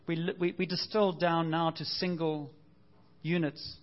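A man's voice: on the high side, flat delivery, unhurried, lo-fi sound. A man preaching a sermon as pastor, earnest and conversational, asking the congregation rhetorical questions.

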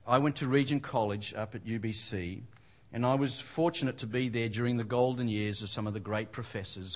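An older man from Western Australia with an Australian accent, a pastor giving a humorous, self-deprecating personal testimony to a congregation. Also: mid-range voice.

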